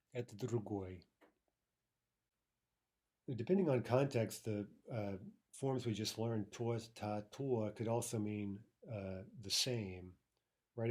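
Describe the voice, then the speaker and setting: A man teaching a language lesson, explaining grammar with many fillers and repeating each example slowly. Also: fairly low pitch, a little mellow.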